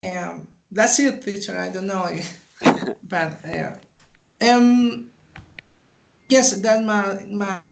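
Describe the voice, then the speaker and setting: A man whose first language is Spanish, presenting his research in a class, speaking haltingly with many fillers and restarts over a video call. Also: high-pitched, gravelly, low-quality recording. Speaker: student.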